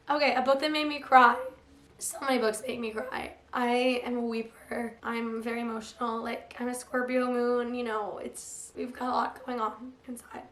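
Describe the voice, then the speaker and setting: A young woman talks casually about books in a somewhat high voice, hoarse as it recovers. She is chatty and peppers her talk with "like." The room gives her voice a noticeable echo. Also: fairly even intonation, normal speed, fairly bright tone. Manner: chatty, lots of "like" fillers. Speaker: book vlogger. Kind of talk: casual chat. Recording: roomy echo.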